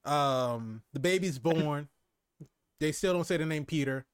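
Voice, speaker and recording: A man's voice: a little high, unhurried, clear, resonant tone, no echo, clean studio sound. A man co-hosting a casual movie review, recapping scenes and acting out lines. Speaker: podcast co-host.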